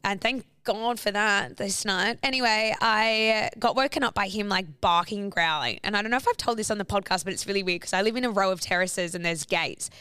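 A woman's voice: mid-range voice, a little fast, hardly any pauses, bright, forceful tone, clean tone, dry recording. A young woman, co-hosting a podcast and telling a story in casual, chatty fashion, swearing freely and saying "like" a lot. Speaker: podcast co-host. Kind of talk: casual chat.

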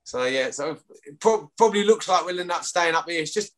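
Brisk and animated, this man's fairly high, slightly bright voice has a London accent. A rugby player in his thirties guesting on a casual chat, he rambles, trips into restarts and swears occasionally.

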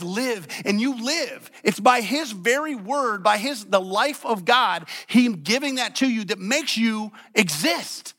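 High, bright-voiced male pastor preaching. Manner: emphatic, repeats phrases, swings between loud and quiet. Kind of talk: sermon.

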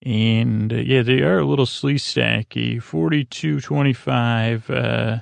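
A man with a deeply gravelly, fry-heavy voice, heard dry and close. He rambles through a casual recap in a sleepy, low-key way. He halts often and restarts his sentences. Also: fairly even intonation, no room sound. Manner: halting, meandering, full of fillers and restarts. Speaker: podcast host recapping an episode.

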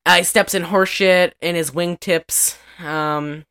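Low-voiced woman chatting about a movie. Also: steady tone, unhurried, a bit bright, clear, resonant tone. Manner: chatty, profane, laughs often. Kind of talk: casual chat recapping a movie.

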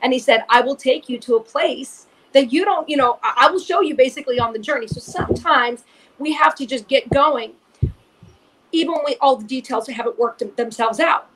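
A woman co-hosting a faith podcast, telling an animated personal story and repeating phrases for emphasis. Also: high-pitched, moderate pace, slight background noise. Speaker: podcast co-host. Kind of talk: casual chat, storytelling testimony.

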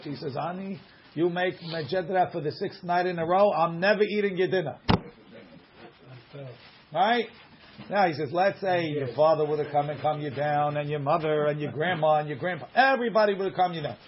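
A man teaching a Talmud class, reading passages aloud and quickly explaining them in English with everyday examples. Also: fairly high pitch, lo-fi sound, slight background noise.

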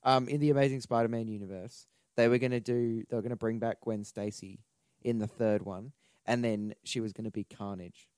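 A man's voice: lowish voice, steady tone, fairly quick, a little mellow, smooth, no room sound. A man co-hosting a podcast in casual chat, joking and swearing as he rambles about movies. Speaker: podcast co-host.

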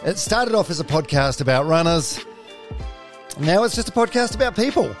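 A man's voice: a little high, animated, soft background music. A man hosting a podcast in a chatty, jokey way. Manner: chatty, jokey, quick to laugh. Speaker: podcast host.

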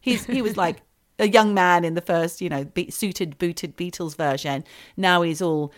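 A woman hosting a comedy podcast, telling a story in an animated, mock-serious way. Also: on the low side, unhurried.

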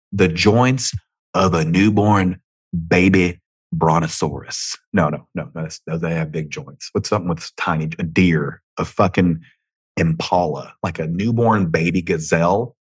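Deep husky-voiced man with a Southern twang. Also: no echo. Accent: Southern American twang. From United States. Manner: rambling, profane and self-joking, with frequent tangents. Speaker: podcast host. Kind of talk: casual solo podcast monologue. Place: home room.

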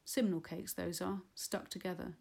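Woman narrating a novel, slow and even, low-ish voice with a gravelly edge. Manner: measured, unhurried reading. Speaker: audiobook reader. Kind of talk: literary audiobook narration.

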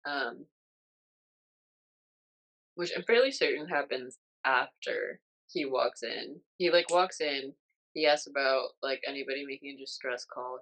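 Rambling man recapping a film. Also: low-quality recording. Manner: rambling, lots of "like" and "um" fillers; animated, raises pitch when quoting characters. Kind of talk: casual chat recapping a film.

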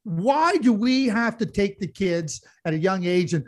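Here a man co-hosting an easygoing sports chat vents passionately, restarting frequently and doubling up words. His high voice has lively intonation and moves at a measured pace.

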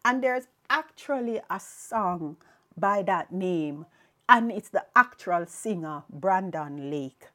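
A woman's voice: fairly low pitch, expressive, slow pace, pushed and bright. A woman hosting a podcast, telling a personal faith story in an earnest, reflective way. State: tearful, emotional. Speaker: podcast host.

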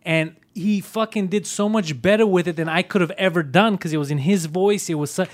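A man hosting a podcast who chats casually, talks quickly and swears freely. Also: high-pitched. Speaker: podcast host. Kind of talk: casual chat.

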